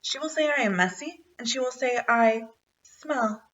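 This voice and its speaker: A woman's voice: on the high side, normal speed, far from the mic, dull audio, voice pushed up, lightly acted. A woman voicing a small, eager male mouse who pleads and coaxes in a raised voice. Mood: urgent.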